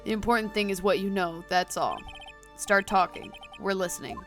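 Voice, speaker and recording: A woman voicing a masked older male prosecutor, smug and brooding, reading his lines slowly and theatrically for a game. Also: medium pitch, fairly bright tone, faint music behind, lightly acted.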